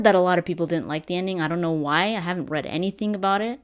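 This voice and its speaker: Woman, 20s, low pitch, casual game review chat, rambling. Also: very fast, hardly any pauses. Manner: rambling, lots of fillers and restarts, laughs. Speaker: gaming vlogger.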